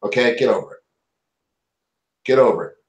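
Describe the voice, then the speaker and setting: A man argues in a fierce, profane rant, talking over others. His voice sits at a middle pitch. It comes through with a roomy echo. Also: moderate pace, highs cut off. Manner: profane, confrontational, shouting down others. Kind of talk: heated argument. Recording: echoey room.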